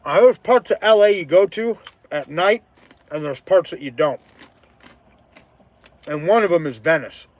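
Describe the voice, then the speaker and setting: A man tells a personal story in a loose, casual way. He swings between quiet asides and heated, swearing bursts, and his voice sits on the higher side for a man. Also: a little slow, long pauses. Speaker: podcast host.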